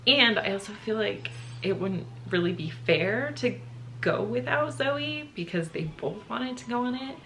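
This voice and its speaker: A woman's voice: fairly high pitch, lively intonation, unhurried, fairly bright tone, slight background noise. A young woman telling a personal storytime to her channel, emotional and choking up as she talks. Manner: emotional, choking up and laughing through tears. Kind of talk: casual storytime.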